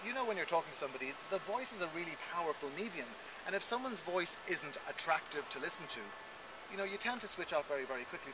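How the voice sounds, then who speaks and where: Fast-talking male voice coach outdoors. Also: on the high side. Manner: animated, demonstrative, quick delivery. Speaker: voice coach guest. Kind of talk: conversational interview explanation. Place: outdoors in an urban area. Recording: outdoor street noise with passing traffic.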